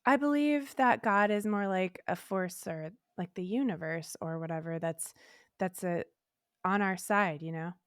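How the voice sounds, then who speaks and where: A young adult woman co-hosting a podcast, telling a casual story with lively acted-out quotes and casual swearing. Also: lowish voice, unhurried, dry recording, studio quality. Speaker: podcast co-host.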